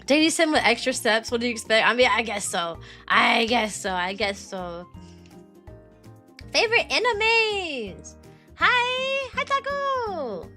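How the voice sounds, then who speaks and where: Bubbly young woman streamer, bright voice. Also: a little high, normal speed, few pauses, soft background music. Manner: rambling, lots of "like", bubbly and animated. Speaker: VTuber streamer and kindergarten teacher. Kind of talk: casual stream chat answering viewers.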